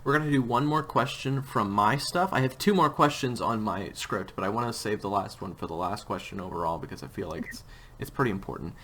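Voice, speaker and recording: Male host, low-ish voice, loose chatty interviewer who drifts off topic. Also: a little fast, fairly bright tone. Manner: rambling, with frequent restarts and tangents. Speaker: host and audio drama creator. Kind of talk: casual interview chat.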